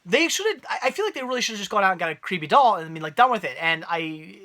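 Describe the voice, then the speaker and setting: A young man and parent giving a rambling, animated movie review rant, full of restarts. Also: high-pitched, fast.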